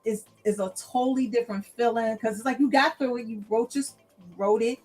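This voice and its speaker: Husky, animated woman guest. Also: fairly high pitch, fairly quick, rough recording. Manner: animated, acts out characters' voices. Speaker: guest, author. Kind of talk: casual chat.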